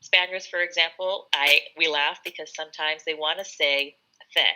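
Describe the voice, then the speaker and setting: Bright, low-voiced American woman tutor. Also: fairly even intonation, normal speed, low-quality recording. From United States. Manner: encouraging and emphatic, with repeated restarts. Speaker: English tutor. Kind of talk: casual live-stream conversation.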